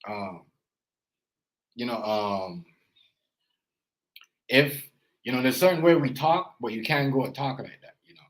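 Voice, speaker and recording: A man's voice: medium pitch, measured pace, pauses often, low-quality recording. Rambling man in casual commentary. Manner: rambling, loose, full of "you know" and "as I said"; earnest, lecturing tone about parenting. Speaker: parent and reaction vlogger.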